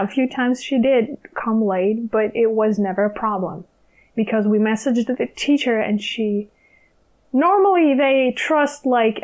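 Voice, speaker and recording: Young woman, from Ukraine, podcast guest, casual chat, somewhat high voice, laughs often, lots of fillers. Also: darkish tone, rough recording.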